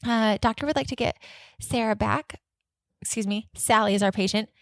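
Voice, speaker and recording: An energetic woman coaching dental office staff on a podcast, acting out both sides of patient conversations in a lively, upbeat manner. Her voice sits a little high for a woman. The recording is dry and close, with no room sound. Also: normal speed, no echo. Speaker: dental practice consultant and podcast host. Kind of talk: instructional podcast with role-played office dialogue.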